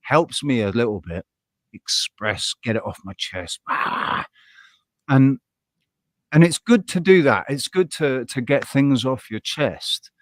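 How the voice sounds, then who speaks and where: A man of middle pitch hosting a live stream in casual chat. He rambles and restarts and grows passionate, so his voice climbs when something stirs him. The sound is dry and close, with no room around it. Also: animated, a little slow, no room sound. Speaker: live show host.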